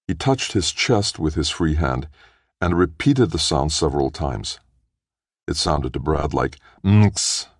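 A man narrating an audiobook in a steady, measured storytelling manner. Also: very deep voice, husky, no echo, clean studio sound. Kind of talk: scripted narration.

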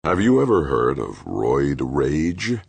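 A brutal, hot-tempered man who threatens and snarls, read by a male narrator with a very deep, gravelly voice. he draws out his threats slowly and with menace, rough and husky in a dry, close sound. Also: sing-song, dry recording, exaggerated voice. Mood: menacing.

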